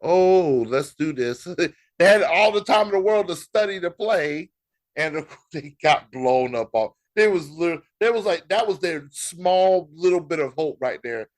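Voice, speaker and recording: Lively animated American sports podcaster. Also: male voice, on the high side, measured pace. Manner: animated, laughing, mock-exasperated banter. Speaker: podcast co-host. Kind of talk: casual sports talk.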